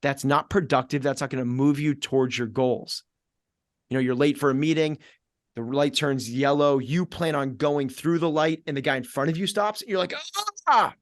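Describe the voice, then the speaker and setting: Energetic middle-aged coach, dry close sound. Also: male voice, mid-range voice, moderate pace, no room sound. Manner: energetic, acts out inner voices in quoted asides; repetitive, punchy coaching delivery. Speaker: fitness coach, podcast guest. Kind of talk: podcast conversation.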